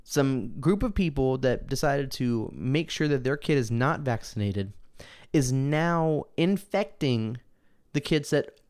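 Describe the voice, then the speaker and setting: A young man hosting a casual show, ranting in an animated, slangy way and mocking people with put-on quotes. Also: medium pitch, slow, clean tone. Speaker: podcast host. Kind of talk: casual opinion rant.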